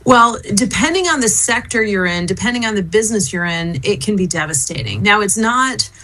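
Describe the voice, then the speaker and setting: A middle-aged woman talking as an interview guest. She speaks in a thoughtful, conversational way, often pausing on fillers and restarting her sentences. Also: mid-range voice, expressive, sharp tone, low-quality recording. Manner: thoughtful, frequent fillers and restarts, light laughter. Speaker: interview guest, former business council head and diplomat.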